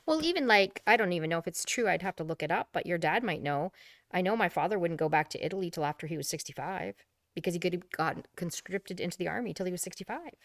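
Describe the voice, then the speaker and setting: A woman's voice: fairly low pitch, lively intonation, fast talker, no echo. A middle-aged woman co-hosting a podcast in casual chat, chatty and laughing often, trailing off. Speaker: podcast co-host.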